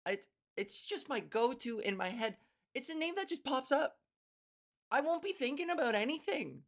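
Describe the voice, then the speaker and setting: A woman's voice: high-pitched, expressive, normal speed. A woman podcast host and comedian doing a rambling, profane solo monologue. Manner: rambling, profane, self-interrupting.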